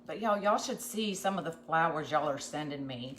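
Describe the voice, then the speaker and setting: A woman's voice: deep voice, lively intonation, normal speed, noisy background. A woman hosting a live craft tutorial, chatting folksily with viewers as she works. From USA. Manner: chatty, folksy, talks to viewers while working. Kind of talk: live craft demonstration chat.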